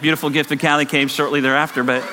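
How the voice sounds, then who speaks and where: A man's voice: a little high, flat delivery, rapid-fire, a loud crowd, very noisy. A middle-aged male pastor preaching a sermon with emphatic, repetitive phrases that swell and drop. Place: church sanctuary. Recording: long reverb of a large hall.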